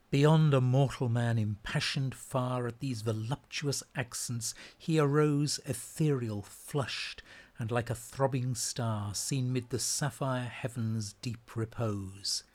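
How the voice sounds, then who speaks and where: A man reading poetry aloud, measured and expressive, sometimes softening to a whisper. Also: mid-range voice. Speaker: reader.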